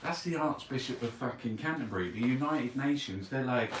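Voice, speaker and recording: A man's voice: medium pitch, lively intonation, a little fast, few pauses, a little hiss or hum. A man hosting a casual newspaper review, blunt, mocking and full of swearing. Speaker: online show host. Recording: roomy, from a distance.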